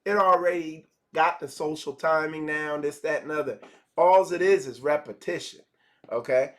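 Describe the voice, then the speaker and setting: A man's voice: fairly high pitch, normal speed. A man giving a casual livestream lesson, talking conversationally, repeating phrases and acting out small dialogues. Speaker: spiritual teacher.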